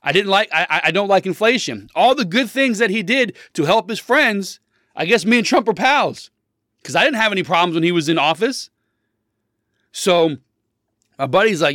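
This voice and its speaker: A man in his thirties holds forth on his views in a blunt, opinionated, meandering way, often restarting his sentences. His voice sits a touch higher than most men's. The sound is close and dry. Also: lively intonation, moderate pace, fairly bright tone, no room sound. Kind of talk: casual political monologue.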